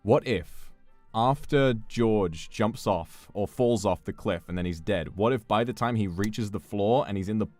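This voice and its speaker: A man hosting a stream, brainstorming a script in a playful, animated way and thinking out loud. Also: lowish voice, a little slow, no echo, faint music behind. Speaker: streamer host. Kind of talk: casual brainstorming chat.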